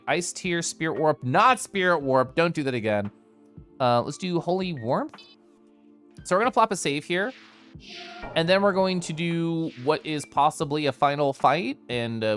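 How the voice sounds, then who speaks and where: Giggly, playful game streamer. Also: mid-range voice. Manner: giggly, playful, talking to chat. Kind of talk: casual live-stream gameplay chat. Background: faint game music.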